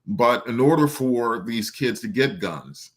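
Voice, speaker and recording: A man's voice: mid-range voice, expressive, measured pace. A man calling in to a radio talk show, speaking earnestly about his community with many "um" and "uh" fillers. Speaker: caller. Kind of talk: casual call-in talk.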